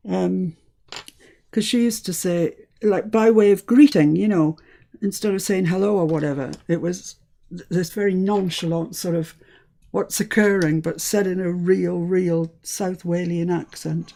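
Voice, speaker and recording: Gravelly, low-voiced woman crafter. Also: fairly even intonation, measured pace, dark tone. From United Kingdom. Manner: chatty, talks herself through each step. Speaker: crafting channel host. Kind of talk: live crafting demonstration.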